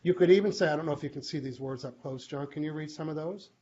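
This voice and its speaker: A man with a somewhat high voice hosts a live online Q&A. He talks casually and brightens when he acts out small back-and-forth exchanges. The stream audio is muffled, with a faint hiss behind it. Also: quick pace. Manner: animated, acts out little quoted exchanges. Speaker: host.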